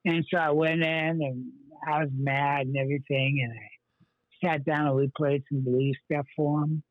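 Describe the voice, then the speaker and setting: A man with a husky, slightly high voice tells his story in a rambling, earnest way, full of fillers and restarts. The sound is tinny like a phone line and very dry. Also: fairly even intonation, measured pace, no room sound. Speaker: pastor, guest. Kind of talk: telling his life story in an interview.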